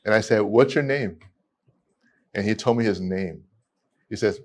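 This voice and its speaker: A man, a podcast guest telling stories in a lively way with many restarts. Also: on the low side, measured pace. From United States. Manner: animated storytelling with many restarts. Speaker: guest, immigration attorney. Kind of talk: casual podcast conversation.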